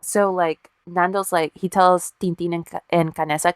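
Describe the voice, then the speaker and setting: A woman with a lowish voice tells a story to her co-host in a loose, chatty way. She swears freely and adds wry asides. The recording is dry and close. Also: steady tone, moderate pace, clear, resonant tone, no room sound. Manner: profane, wry storyteller acting out quotes. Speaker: podcast co-host. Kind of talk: casual storytelling chat.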